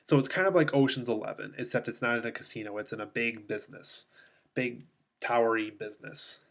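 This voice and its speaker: A man's voice: medium pitch, brisk, gravelly, a bit bright. A man giving a casual spoken movie review, rambling along with many filler ums and restarts.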